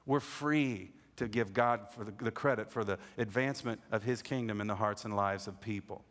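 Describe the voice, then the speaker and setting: A man's voice: lowish voice, normal speed, fairly bright tone. A middle-aged man preaching a sermon earnestly, repeating his key phrases for emphasis. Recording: long reverb in a large hall.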